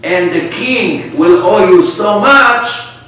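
Brief: a man doing an eager, pushy demon, raised pitch, echoey distant recording. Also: slow, pushed and bright, full character voice. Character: eager, helpful male demon. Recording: echoey room, distant mic, faint noise.

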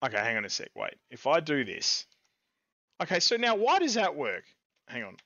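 Excitable Australian man, bright dry voice. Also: mid-range voice, no echo, lo-fi sound. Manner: rambling and excitable, with fillers and laughs. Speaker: podcast co-host. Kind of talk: casual streamed podcast chat.

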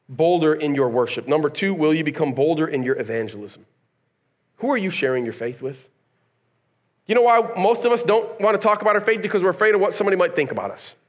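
A male pastor preaching a sermon in a casual, conversational way, firing rhetorical questions at the congregation and acting out bits of dialogue as he tells stories. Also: high voice. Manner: conversational, acts out quoted dialogue; casual slang, storytelling.

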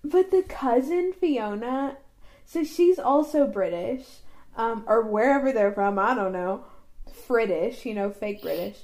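Woman, higher pitch, warm dark timbre, relaxed casual chat. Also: unhurried. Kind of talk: casual chat reviewing a movie.

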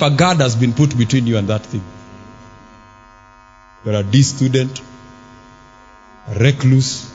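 A man preaching a sermon in church. He fires rhetorical questions at the congregation and breaks into shouts. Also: medium pitch, lively intonation, unhurried, long pauses. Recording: long hall reverb with faint music.

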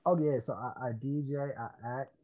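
A young man from Harlem talks as a guest in a casual chat, halting and full of fillers. His voice comes through a dull, lo-fi earbud mic. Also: mid-range voice, steady tone, mellow. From Harlem, New York City. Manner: hesitant with many fillers and restarts. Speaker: podcast guest. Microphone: cheap wireless earbuds.

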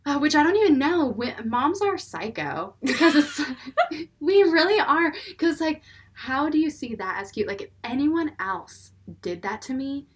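With a high-pitched voice and measured pace, a young mother co-hosts a casual podcast. Her stories about her five-year-old son are animated, with her acting out both his part and her own.

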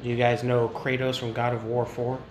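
A young man chatting casually with his siblings, an animated storyteller who retells scenes with laughter. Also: medium pitch, fairly quick. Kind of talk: casual chat. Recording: echoey room with background noise.

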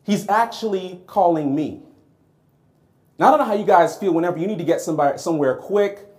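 Storytelling male preacher, slightly high voice. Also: fairly quick. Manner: lively, conversational, acts out his own reactions. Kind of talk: storytelling sermon.

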